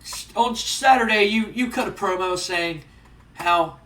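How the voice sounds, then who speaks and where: Man doing an arrogant male wrestler, contemptuous, insulting, halting delivery, roomy room. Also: high voice, fairly bright tone, far from the mic. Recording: roomy, off-mic.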